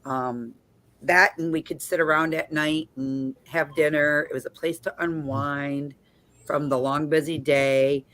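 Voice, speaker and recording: A woman hosting a casual group video call, chatty and quick to laugh. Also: deep voice, fairly even intonation, a bit bright. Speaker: host.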